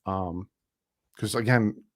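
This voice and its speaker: A man hosts a casual live stream in a fairly low voice. He talks in a loose, chatty way, reading out viewer donations and rattling off sponsor plugs. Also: slow. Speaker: YouTube streamer and channel host.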